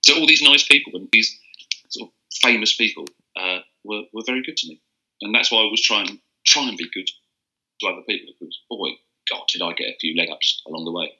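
A man's voice: lowish voice, fast talker, pushed and bright, rough recording. An older man, a copywriter telling rambling anecdotes with restarts in a casual interview. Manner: rambling storyteller with restarts and chuckles. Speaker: interview guest, advertising copywriter.

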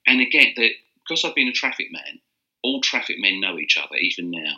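Older man, low pitch, rambling anecdotes, muffled lo-fi recording. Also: very animated, brisk, sharp tone. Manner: rambling storyteller with restarts and chuckles. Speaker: interview guest, advertising copywriter. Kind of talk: casual anecdotal interview.

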